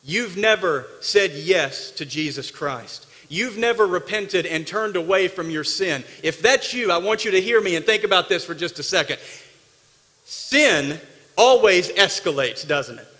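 A man preaching a sermon from the pulpit, emphatic and dramatic, dropping from loud bursts to hushed asides. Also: sits high, animated, measured pace, big-room sound. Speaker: pastor. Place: church sanctuary.

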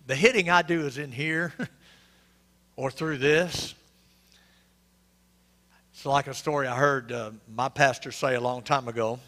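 A man's voice: medium pitch, fairly even intonation, a little slow, pauses often, pushed and bright, long reverb tail. A male pastor, preaching an interactive, joking sermon and questioning his congregation. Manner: conversational, quizzing the congregation, joking asides. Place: church sanctuary.

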